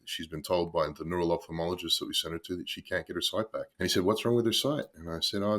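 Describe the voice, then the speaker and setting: A middle-aged man, a podcast guest, talking earnestly and warmly about healing, laughing easily as he tells stories. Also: low voice. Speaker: podcast guest, Tibetan medicine formulator. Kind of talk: conversational storytelling.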